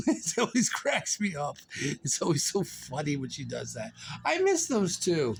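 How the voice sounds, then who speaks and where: Out in his yard after mowing, a vlogger records himself on a selfie-stick phone, his slightly high, creaky voice very animated but a little slow, with a bit of hiss or hum. Sleepy and goofy, he rambles in a playful, sing-song way and laughs a lot.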